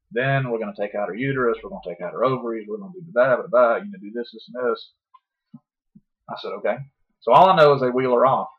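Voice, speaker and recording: A man telling a long story in casual podcast talk, profane and animated, acting out his own past words. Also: lowish voice. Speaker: podcast guest. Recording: dull lo-fi podcast audio.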